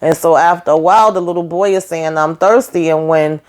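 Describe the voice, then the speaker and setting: A YouTube reviewer recaps a TV episode in a casual, chatty way, her low voice moving a little fast. She keeps the retelling animated, acting out quotes and tossing in asides.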